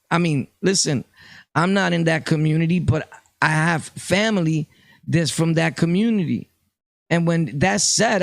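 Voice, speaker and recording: Gravelly New man vlogging. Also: a little high, dry recording, studio quality. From Brooklyn, New York. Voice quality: rambling, many fillers. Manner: streetwise, direct, addresses viewers. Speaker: vlogger, channel host. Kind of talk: casual opinion vlog.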